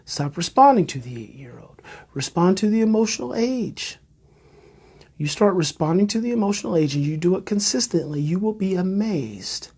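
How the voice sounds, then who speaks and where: A parenting educator gives an emphatic live-streamed talk, circling back to his key phrases and rhetorical questions. His voice sits high yet has a darkish, husky tone, and he delivers it with animation at a moderate pace.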